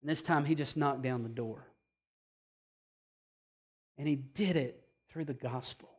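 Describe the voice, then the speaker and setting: A man preaching a sermon as pastor, with casual asides and rhetorical questions, swinging from loud emphasis to slow, quiet passages. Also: mid-range voice, husky.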